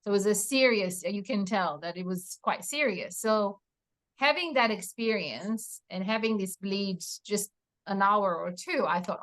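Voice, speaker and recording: Animated woman telling her story. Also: mid-range voice, measured pace. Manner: animated retelling, acting out quoted dialogue, laughing often. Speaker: patient sharing her story. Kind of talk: emotional personal testimony in an interview.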